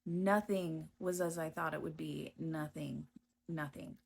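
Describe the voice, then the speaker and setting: A woman giving a personal testimony about her past, speaking slowly and hesitantly with frequent pauses and restarts. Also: low-pitched, steady tone, vocal fry, darkish tone, a little hiss or hum. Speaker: storyteller recounting her past.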